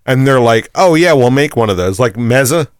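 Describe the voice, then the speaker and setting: A man co-hosts a casual podcast in an easygoing, agreeable way, with the odd curse. His voice sits at a middle pitch and is recorded close and dry. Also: animated, moderate pace, clear, resonant tone, no room sound. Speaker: podcast co-host. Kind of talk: casual chat. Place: room near Woodbridge, Virginia.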